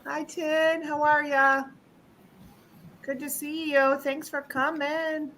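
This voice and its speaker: A woman's voice: sits high, flat delivery, slow, fairly bright tone, a little hiss or hum. A woman hosting a casual group video chat, teasing her friends and laughing often. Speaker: host.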